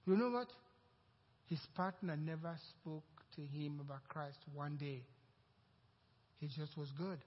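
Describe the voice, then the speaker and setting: A man preaching a sermon as pastor, acting out the voices in his story with animated emphasis. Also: a little high, measured pace, pauses often. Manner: animated preaching, acts out quoted dialogue. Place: church sanctuary. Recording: dull echoey church hall recording.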